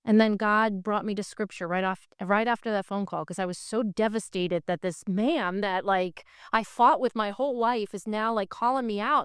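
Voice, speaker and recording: Here a female guest recounts her personal faith journey, candid and emotional, performing the voices of the characters as she goes. She speaks at a medium pitch and moderate pace with fairly even intonation and few pauses. Her tone is fairly bright, clear and resonant, in a dry, clean studio recording.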